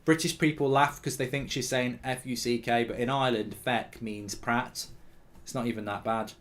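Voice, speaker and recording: A man hosting a live football watchalong, bluntly reacting to the match and reading viewer comments aloud, his voice jumping up when play excites him. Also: mid-range voice, normal speed. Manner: blunt, swears casually, rants at the referee. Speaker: host.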